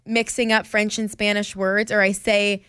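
A woman co-hosting a casual chat, bubbly and self-deprecating, with quick reactions. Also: mid-range voice, level tone, a bit bright, smooth, no echo, clean studio sound. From United States. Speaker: co-host.

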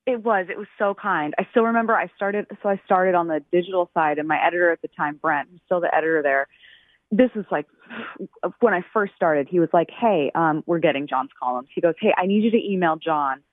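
A woman calling into a radio show who tells stories in an animated way and acts out quotes. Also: lowish voice, brisk, no echo. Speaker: caller, fellow radio host. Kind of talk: call-in radio chat. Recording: tinny phone line.

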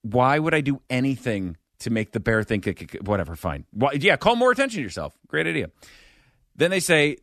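A man hosts a comedic podcast chat with sardonic, animated delivery. His voice is bright and sits a little high, and his pitch swings widely. The sound is dry and close. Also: fairly quick, no echo. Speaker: podcast host.

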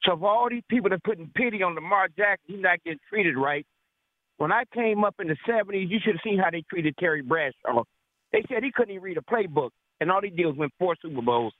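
A man's voice: sits high, expressive, fast talker, no echo. An older man calling in to a sports radio show, opinionated and telling stories from the past. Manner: opinionated, storytelling. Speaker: caller. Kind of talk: call-in sports chat. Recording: tinny phone line.

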